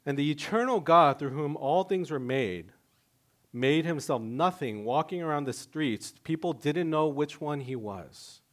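A man preaching a sermon in a lively, conversational way, with self-mocking humor, sudden loud rises and soft drops. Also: a little high, measured pace. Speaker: pastor.

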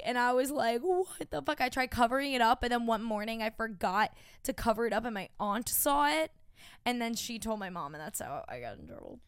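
Smooth-voiced woman podcaster, casual banter. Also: a little high, fairly bright tone, dry recording, clean studio sound. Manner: quick reactive banter, swears casually. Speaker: podcast co-host. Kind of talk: casual chat.

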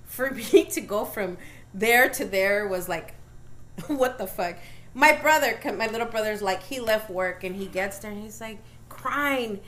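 A woman's voice: mid-range voice, unhurried, fairly bright tone. A middle-aged woman telling a story in casual talk, swearing often and laughing through it. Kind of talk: casual podcast chat.

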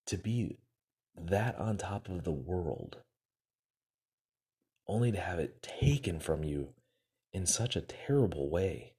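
A man's voice: low voice, sing-song, takes it slowly, pauses often, warm tone, slightly rough. A man casually retelling a success story to motivate his listeners, acting out the quoted lines and using many fillers.

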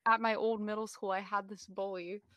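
A woman in casual chat, telling a story in a relaxed way with fillers. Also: medium pitch, brisk.

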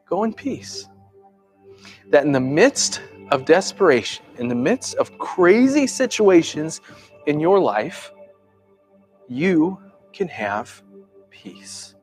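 A male pastor delivering a sermon in a conversational way, moving between lively emphasis and hushed, soft asides. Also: a little high, slow, soft background music.

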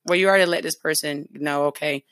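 A woman's voice: lowish voice, expressive, moderate pace, fairly bright tone, dry recording, clean studio sound. A woman hosting a talk show, chatting casually about dating and acting out sample conversations. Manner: chatty, acts out sample dialogue. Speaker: host giving dating advice.

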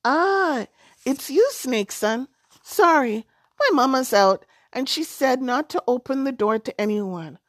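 A woman's voice: sits high, expressive, slow, dry recording, pitched above the performer's own voice, full character voice. A woman voicing a cautious, cheeky young male frog in a spoken storybook tale. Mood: wary. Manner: wary, teasing.

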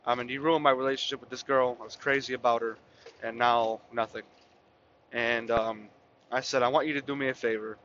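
Rambling bright-voiced podcast man. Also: mid-range voice, fairly quick, muffled recording, slight background noise. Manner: rambling, blunt, animated with filler words. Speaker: podcast host. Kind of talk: casual storytelling.

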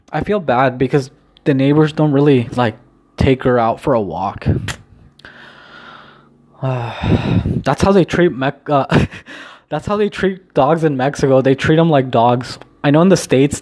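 A young man talking casually to camera in a daily vlog at home, rambling and hesitant, swearing now and then, in a low-key, downcast way while pacing indoors. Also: a little slow, a little mellow. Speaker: vlogger.

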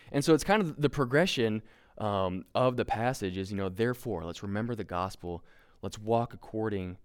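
A young man preaches in a relaxed, conversational way, stumbling over restarts and dropping in self-deprecating jokes. His voice is smooth and resonant and sits a little low. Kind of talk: casual sermon.

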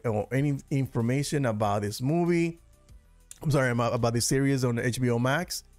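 Male host, gravelly, dry-sounding, loose and profane, reacts to trailers. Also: mid-range voice, darkish tone, dry recording. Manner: profane, rambling, laughs often. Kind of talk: casual commentary reacting to trailers.

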